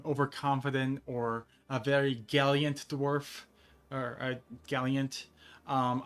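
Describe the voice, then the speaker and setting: A man's voice: mid-range voice, fairly bright tone. Man, game streamer, casual rambling chat, frequent chuckles, mid-range voice. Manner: rambling, laughs often between phrases.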